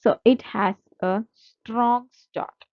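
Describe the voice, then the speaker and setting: A woman lectures slowly and patiently, walking through slides and repeating key terms so they sink in. Her voice is recorded dry and close, with a dull, lo-fi sound. She keeps a steady, methodical teaching pace throughout. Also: a little high, no room sound. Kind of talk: slide-based literature lecture.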